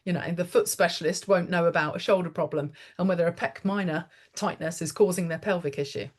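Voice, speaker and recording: A woman therapist speaking as a podcast guest, animated and chatty, acting out quoted voices as she tells stories. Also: lowish voice, brisk. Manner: animated storyteller, acts out quotes. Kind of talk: podcast interview.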